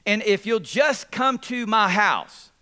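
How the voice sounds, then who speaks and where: A man's voice: sits high, expressive, takes it slowly, bright, forceful tone, full character voice. A man voicing a worried father who insists on his own way, emphatic and firm. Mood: insistent.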